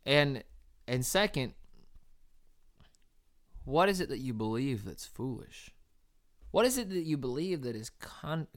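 A woman preaching an earnest, encouraging sermon, rising to loud cheering and dropping to soft, quiet appeals. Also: extremely low pitch, big pitch swings, measured pace, long pauses.

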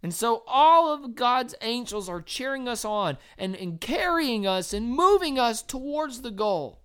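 A woman preaching an earnest, encouraging sermon, rising to loud cheering and dropping to soft, quiet appeals. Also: on the high side, animated, a little slow, smooth.

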